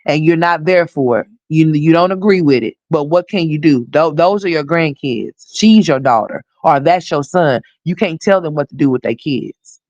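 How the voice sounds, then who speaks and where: A woman hosting a livestream, giving blunt, profane commentary and scolding directly, her voice hoarse. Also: deep voice, lively intonation, normal speed, hardly any pauses, darkish tone, no room sound, dull audio. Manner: blunt, scolding, profane, talks straight to viewers.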